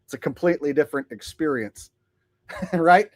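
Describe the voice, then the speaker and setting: Sarcastic rambling male vlog host, fairly high voice, very dry close sound. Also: moderate pace, no room sound. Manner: sarcastic, rambling, mocking, laughs a lot. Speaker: vlogger host. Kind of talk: casual commentary.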